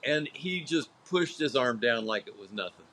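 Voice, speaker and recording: A man's voice: medium pitch, normal speed, slight background noise. A man, a tennis coach who is a guest on a podcast, telling stories in a casual chat and acting out what people said. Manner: animated storyteller acting out quotes.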